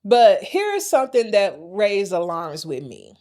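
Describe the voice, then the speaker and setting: Woman, US-born podcast co-host, blunt and chatty, middle pitch. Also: big pitch swings, a little slow, warm tone. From United States. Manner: chatty, talks straight to listeners, folksy and blunt. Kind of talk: casual chat.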